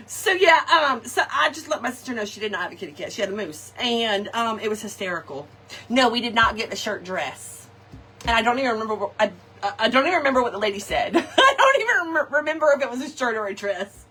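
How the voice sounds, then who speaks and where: A middle-aged woman, hosting a live crafting chat, animated and laughing often as she tells stories to her viewers. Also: fairly high pitch, slightly rough. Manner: animated, laughing often, folksy slang, talks to viewers directly. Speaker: craft shop host.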